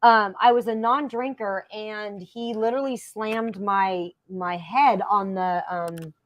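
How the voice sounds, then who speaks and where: A woman's voice: medium pitch, fairly even intonation, slow, dry recording. A woman co-hosting a live author interview, telling personal stories in a candid, conversational way. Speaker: co-host.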